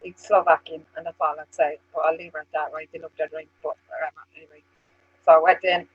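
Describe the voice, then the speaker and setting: An Irish woman co-hosts a loose online chat with a husky, rough voice. She is blunt and curses freely. Her audio is slightly dull. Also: low voice, fast talker, no echo. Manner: blunt, profane, animated. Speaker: co-host. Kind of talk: casual chat, storytelling.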